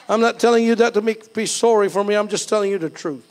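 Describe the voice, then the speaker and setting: A man's voice: high voice, fast talker, soft background music. A middle-aged man from the Philippines, preaching a sermon in a conversational, self-deprecating way with bursts of fervor. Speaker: pastor.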